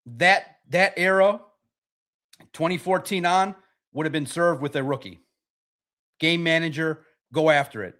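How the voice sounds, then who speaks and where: A man with a notably high voice hosts a sports podcast. He rants with heat and hammers each point, repeating words and mocking the other side. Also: a little slow, long pauses, a bit bright. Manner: emphatic, repetitive, mocking. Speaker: podcast host. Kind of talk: heated sports podcast rant.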